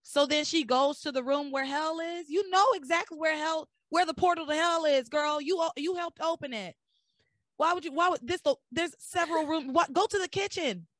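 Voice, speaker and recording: A woman hosting a podcast, recapping soap opera episodes in animated, sarcastic casual chat. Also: high voice, normal speed, no room sound, studio quality. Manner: animated storytelling with sarcastic asides.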